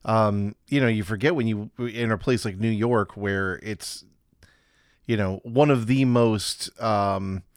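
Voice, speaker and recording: A man's voice: fairly low pitch, slow pace, no room sound. Laid-back man in a dry-sounding podcast. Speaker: podcast co-host. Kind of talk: casual podcast chat.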